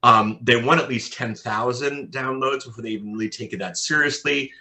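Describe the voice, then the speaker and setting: A man, a podcast consultant, telling animated anecdotes in an interview, often repeating his words as he goes. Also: mid-range voice, brisk. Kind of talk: interview storytelling.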